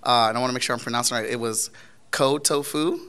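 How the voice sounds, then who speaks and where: A man's voice: medium pitch, completely flat delivery, very fast, pushed and bright, clean tone. A man moderating a convention panel, asking casual questions with fillers and hesitations. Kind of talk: interview questions.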